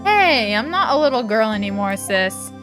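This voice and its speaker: A woman's voice: a little high, big pitch swings, normal speed, music in the background, pitched below the performer's own voice. A woman voicing a playful, pouty teenage girl talking to her older sister, read aloud from a game.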